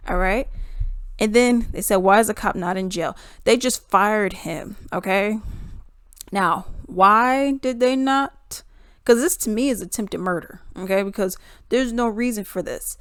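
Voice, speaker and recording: A woman giving casual, blunt commentary, animated and acting out what others said. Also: mid-range voice, normal speed, no echo, studio quality. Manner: blunt, animated, acts out quotes in voices.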